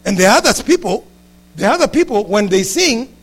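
Brief: male pastor, very high voice, lively sermon delivery with shouted peaks. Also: normal speed, slightly rough. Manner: animated preaching, rising to shouts, with frequent asides to the congregation.

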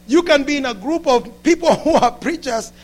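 High-voiced pastor preaching. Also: male voice, normal speed. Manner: animated preaching, rising to shouts, with frequent asides to the congregation. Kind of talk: sermon.

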